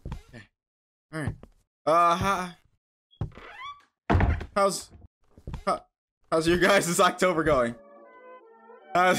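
A man's voice: fairly high pitch, measured pace, long pauses. A young man chatting casually through a horror game, joking with nervous bravado. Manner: jokey, nervous bravado, shouts when startled. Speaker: gaming YouTuber. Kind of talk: casual let's-play commentary. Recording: music playing behind.

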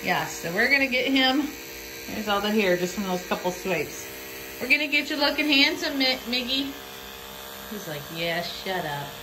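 A woman's voice: high voice, animated, moderate pace, background noise. Chatty woman vlogging while grooming her dog. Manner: chatty, talks to her dogs in a sing-song baby voice. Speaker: pet vlogger. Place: home grooming area indoors. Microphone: handheld phone camera.

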